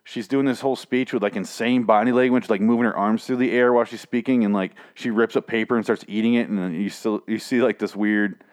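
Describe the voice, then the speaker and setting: A man's voice: fairly low pitch, fairly even intonation, fast, few pauses. A man casually recapping a TV episode, swearing and sarcastic, rambling with lots of restarts. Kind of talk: casual spoken recap and review.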